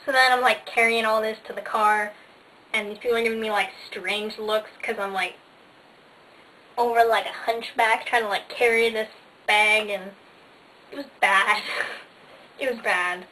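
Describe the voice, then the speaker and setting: A woman's voice: on the high side, fairly even intonation, normal speed, pauses often, bright, forceful tone. A teenage girl vlogging casually, bubbly and sarcastic, with lots of "like" fillers. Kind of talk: casual chatty vlog. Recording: faint hiss, slightly distant mic.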